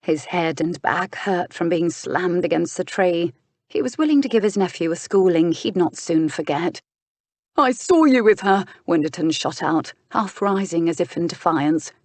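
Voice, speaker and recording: Low-voiced woman narrating an audiobook. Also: moderate pace, a little mellow, no echo. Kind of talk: scripted narration.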